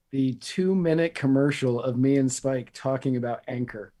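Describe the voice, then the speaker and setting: A man co-hosting a podcast in casual chat, reading out promo plugs in a deadpan, drawn-out way. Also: medium pitch, no echo. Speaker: podcast co-host.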